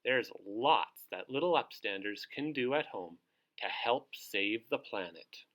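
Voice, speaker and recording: A man's voice: mid-range voice, animated, a little slow, a bit bright. A male teacher hosting a children's read-aloud, cheerful and encouraging as he talks to little kids. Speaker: teacher reading to young children.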